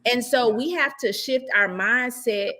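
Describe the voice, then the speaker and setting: A woman's voice: on the high side, a little slow, pushed and bright. A woman speaking as a real estate investor, giving casual, emphatic advice and often checking in with rhetorical questions.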